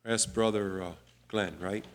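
A man teaching a Bible study, unhurried and reading scripture aloud with emphasis. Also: fairly low pitch, fairly even intonation.

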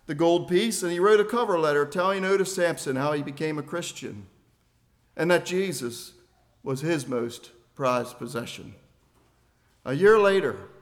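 In this sermon, an older preacher rises to forceful, loud phrases and then sinks to a soft, low delivery.

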